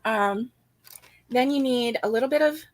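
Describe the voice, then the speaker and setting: A woman's voice: a little high, moderate pace. A woman co-hosting a casual crochet-along, chatty and giggly as she greets viewers by name. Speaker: crochet co-host.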